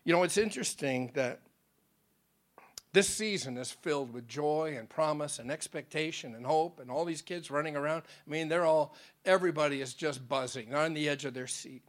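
Earnest male pastor, slightly high voice. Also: moderate pace. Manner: conversational, earnest preaching. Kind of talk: dramatic sermon storytelling.

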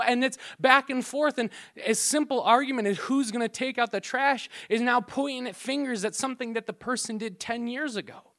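A man's voice: high voice, a bit bright. A middle-aged man preaching as pastor in a conversational way, joking asides and acting out quarrels, often repeating and restarting words. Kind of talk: sermon.

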